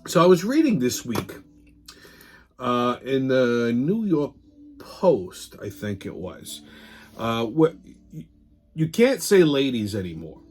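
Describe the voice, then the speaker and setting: A man's voice: medium pitch, very animated, slow, pauses often, darkish tone, soft background music. A man hosting a comedic weekly wrap-up show and ranting in a profane, blustering way. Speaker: host. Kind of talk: comedic rant.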